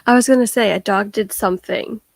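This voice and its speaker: A woman joining a casual livestream chat as a guest, mostly giving short, soft reactions. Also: mid-range voice, vocal fry, no echo. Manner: brief reactions, soft and unhurried. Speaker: guest co-host.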